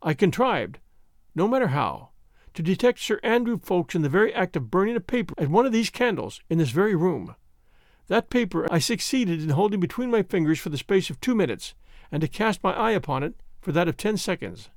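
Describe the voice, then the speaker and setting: A man voicing a proud, strained noblewoman who speaks in an even, mechanical tone. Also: high-pitched, fairly quick, no room sound, studio quality. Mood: flat, mechanical. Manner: even, mechanical, quiet delivery.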